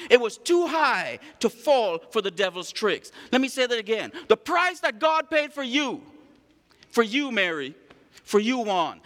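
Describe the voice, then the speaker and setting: Preaching with animated energy, the pastor reads scripture and performs the voices of the people in the story. He has a high voice, and a long reverb tail trails his words.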